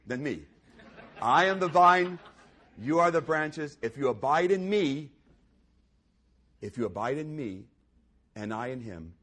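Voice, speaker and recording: Husky man preaching emphatically. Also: medium pitch. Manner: emphatic, swings from loud exclamations to hushed near-whisper; repeats key phrases for emphasis. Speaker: pastor. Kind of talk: sermon.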